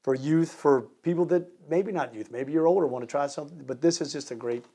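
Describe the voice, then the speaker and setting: A business co-owner from Maryland telling a story as an interview guest, animated and acting out both sides of the dialogue. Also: male voice, a little high, fairly quick. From Maryland, USA.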